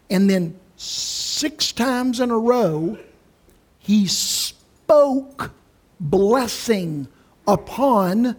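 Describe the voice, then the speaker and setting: A man talks through a Bible lesson at an unhurried, slow pace. His voice is husky and a little breathy, and he stresses key words with deliberate emphasis. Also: high voice. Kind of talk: conversational Bible teaching.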